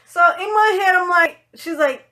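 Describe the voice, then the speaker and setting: High-voiced woman rambling through a story. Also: normal speed, bright, forceful tone. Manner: rambling, full of "you know" and "like"; blunt, swears freely. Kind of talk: casual storytime monologue.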